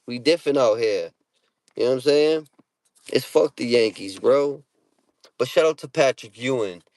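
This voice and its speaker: Sitting in a parked car, a Boston-area vlogger from Massachusetts talks casually to camera, brash and profane, packed with street slang and repeated "you know what I'm saying." His voice is medium in pitch and a little mellow, at a moderate pace, in a dry recording.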